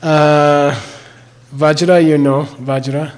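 A man's voice: on the high side, steady tone, darkish tone. An older man teaching the sounds and meaning of a mantra, spelling words out and checking in with "okay?" after each point. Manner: slow and deliberate, repeats words and checks with "okay?".

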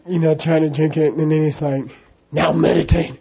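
A man's voice: fairly high pitch, flat delivery, brisk, warm tone, faint music behind. A middle-aged man casually telling an anecdote, laughing often and acting out the dialogue. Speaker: storyteller recalling monastery life.

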